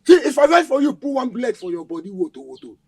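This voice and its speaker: A man's voice: very high voice, big pitch swings, quick pace, a little mellow, slightly rough, no room sound, full character voice. An actor playing a menacing male kidnapper, threatening his captive in Nigerian Pidgin English. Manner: threatening, barking orders, Pidgin slang. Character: menacing male kidnapper thug, violent and contemptuous. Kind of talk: Nollywood film acting.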